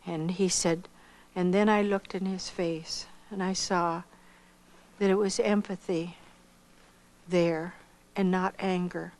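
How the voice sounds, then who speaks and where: A woman's voice: on the low side, slow, pauses often, low-quality recording. Older woman telling a vivid life story. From Iowa, United States. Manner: storytelling, acting out others' lines with lively voices. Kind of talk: spoken personal testimony.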